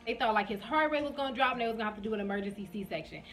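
A young woman casually telling viewers her labor story, acting out her own reactions in sudden high bursts and calling them "y'all". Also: rapid-fire, fairly bright tone, faint music behind. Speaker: vlogger.

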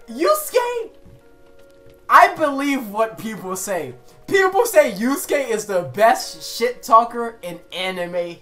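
Excitable slangy woman reacting out loud. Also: fairly high pitch. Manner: excitable, slangy, talks back at the screen; frequent exclamations and laughter. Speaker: reaction channel host. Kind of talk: casual anime reaction commentary.

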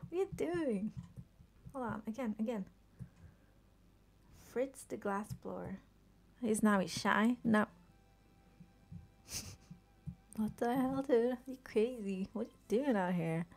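Gravelly-voiced woman streamer chatting. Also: mid-range voice, slow, pauses often, darkish tone. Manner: chatty, easily distracted, laughs often, talks to herself. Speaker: game streamer. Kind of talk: casual live-stream commentary while playing.

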